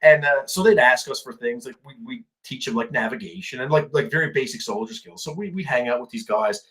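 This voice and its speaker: A man's voice: mid-range voice, fairly quick, fairly bright tone. A Canadian man, a veteran co-hosting a podcast, telling a war story in casual chat, rambling with many restarts and fillers.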